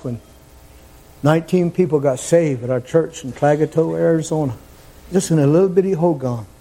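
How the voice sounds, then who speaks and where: A man preaching a fervent sermon in a church, sometimes rising to shouts. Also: fairly high pitch.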